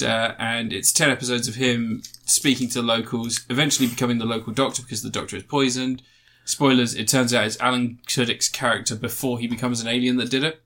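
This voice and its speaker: A man's voice: medium pitch, fairly bright tone. A man, chatting casually as a podcast co-host, rambling and joking as he searches for words. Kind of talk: casual chat.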